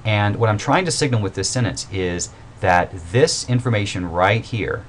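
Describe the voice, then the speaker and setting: A man's voice: on the low side, normal speed, a little hiss or hum. A man who teaches writing, giving a recorded mini-lecture in an informal, explanatory way, with fillers and self-corrections. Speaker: writing instructor.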